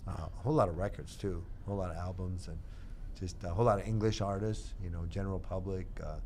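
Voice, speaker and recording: A man's voice: low voice, steady tone, fast talker, mellow, a little hiss or hum. A man, a guest trumpet player, telling stories in a casual radio interview, self-deprecating and laughing often.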